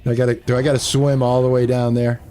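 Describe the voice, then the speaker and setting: A man's voice: medium pitch, little pitch movement, fast, warm tone. An older man streaming a game, chatting casually and thinking aloud, often repeating himself. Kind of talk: casual gameplay commentary.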